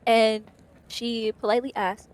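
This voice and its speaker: Slow-talking woman playing a tabletop game. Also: a little high, little pitch movement, low-quality recording. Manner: casual, chatty, with many fillers. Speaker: player. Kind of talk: tabletop role-play narration.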